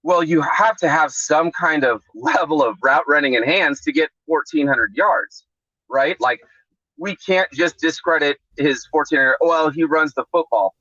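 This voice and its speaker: A man's voice: fairly high pitch, measured pace, sharp tone, no room sound. A man on a remote call to a sports podcast, talking casually and rambling with many restarts, over a dull lo-fi connection.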